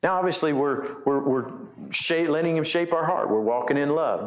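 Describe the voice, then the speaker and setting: A man's voice: fairly high pitch, moderate pace, hardly any pauses, reverberant. A man preaching a sermon as pastor, asking the congregation questions and often repeating and restarting his phrases. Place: church.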